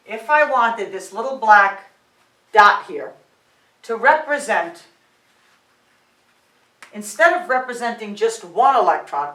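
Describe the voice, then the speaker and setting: A woman teaching high school physics who often checks in with "all right" and "okay" and counts digits aloud. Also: fairly bright tone. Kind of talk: classroom lecture at a board. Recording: roomy sound, mic set at a distance.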